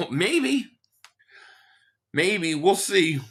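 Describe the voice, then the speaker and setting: A man's voice: high-pitched, sing-song, extremely slow, fairly bright tone. A man hosting a live sports reaction stream, ranting heatedly and with lots of profanity while reading out viewer chats.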